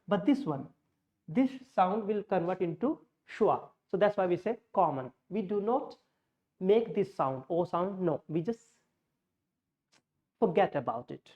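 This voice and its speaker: Woman, patient pronunciation teacher, lowish voice, slow deliberate delivery, muffled lo-fi audio. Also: expressive. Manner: slow, explanatory, models sounds in contrast. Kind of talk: pronunciation lesson with slides.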